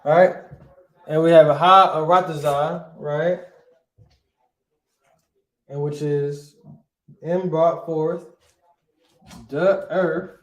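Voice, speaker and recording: A man teaching a casual online language class, checking in with "right?" after nearly every phrase and sounding out words slowly. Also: on the high side, steady tone. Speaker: Hebrew teacher. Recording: echoey room.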